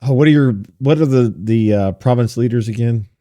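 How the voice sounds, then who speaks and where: A man co-hosting a podcast in casual chat, rambling with many fillers and pauses. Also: medium pitch, mellow. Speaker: podcast co-host.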